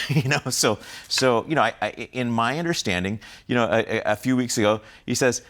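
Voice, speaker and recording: A man's voice: medium pitch, animated, brisk, hardly any pauses, a bit bright. A man giving political commentary as a guest on a video call, rambling and full of fillers and restarts. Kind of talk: casual interview commentary.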